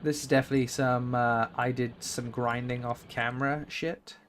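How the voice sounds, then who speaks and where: A man's voice: medium pitch, little pitch movement, normal speed, a bit bright, slight background noise. A man streaming a game live, rambling and thinking aloud with many fillers. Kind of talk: live gameplay commentary.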